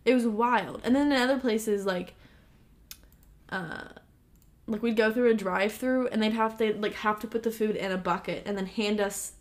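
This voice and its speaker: A young woman co-hosting a podcast, telling stories in a chatty, animated way with lots of "like". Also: medium pitch, moderate pace. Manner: chatty, animated storytelling with frequent "like". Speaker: podcast co-host. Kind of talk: casual chat.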